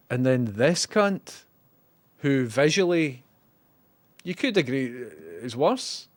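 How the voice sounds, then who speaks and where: A man's voice: medium pitch, animated, slow pace, no echo. Wry man hosting a livestream. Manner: chatty, wry, reading out viewer comments. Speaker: livestream host. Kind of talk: casual live commentary.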